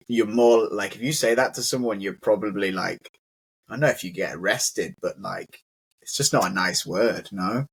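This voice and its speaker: A young man talks through an English lesson in a loose, friendly way. His voice sits on the low side, and he keeps filling his sentences with "like". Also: vocal fry, a bit bright, husky. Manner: chatty, fills speech with "like". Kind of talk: casual conversational teaching.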